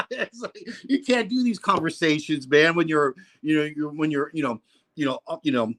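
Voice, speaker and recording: A man's voice: on the high side, normal speed, bright, forceful tone. A man hosting a casual livestream, rambling and profane, full of "you know, man.". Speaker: livestream host.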